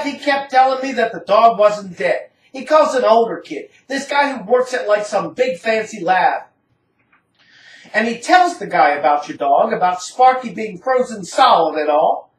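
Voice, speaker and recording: A woman's voice: mid-range voice, animated, moderate pace, slight background noise. A woman giving a dramatic first-person story reading in a rambling, casual, slangy manner. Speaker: narrator. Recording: roomy, distant from the mic.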